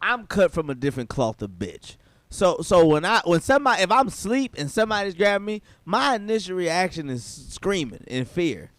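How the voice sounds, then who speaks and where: A man co-hosting a podcast in casual chat, teasing and throwing in quick remarks. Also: high voice, very animated, a bit bright, slight background noise. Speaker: podcast co-host.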